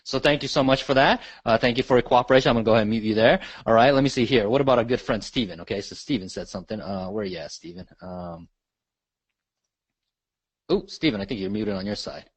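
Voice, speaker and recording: A man's voice: fairly low pitch, fast talker, husky, dry recording. A man leading a live online sales training, asking the audience questions and checking in often. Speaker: real estate sales trainer.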